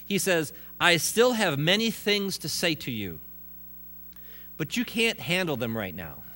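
A man's voice: a little high, big pitch swings, unhurried, sharp tone. A man preaching a sermon in a conversational way, with restarts and joking asides. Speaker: pastor.

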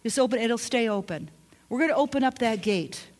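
A woman pastor preaching a sermon in an earnest, emphatic way, slowing into soft drawn-out passages. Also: a little high, animated.

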